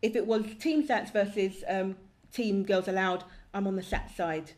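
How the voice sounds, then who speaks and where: Brief: woman co-host reviewing pop music, mid-pitched voice, eager and full of opinions. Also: steady tone, moderate pace, darkish tone. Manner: enthusiastic, opinionated, chatty. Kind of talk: casual chat.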